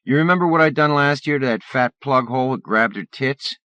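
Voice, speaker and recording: A man's voice: mid-range voice, brisk, sharp tone, dry recording, pitched above the performer's own voice, natural voice. A man voicing a swaggering teenage bully boy who taunts in a crude, jeering way. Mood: taunting.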